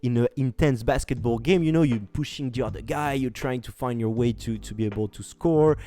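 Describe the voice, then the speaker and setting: A man's voice: mid-range voice, fairly quick, mellow, no room sound. A man with a French accent, a podcast guest telling a story casually, with many fillers and restarts and slips into French. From France. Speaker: podcast guest, competitive gamer.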